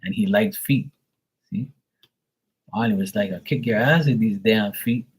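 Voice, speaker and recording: A man's voice: lowish voice, a little slow, breathy edge. A man giving live tarot readings, talking bluntly and profanely in a casual monologue, acting out others in mocking voices.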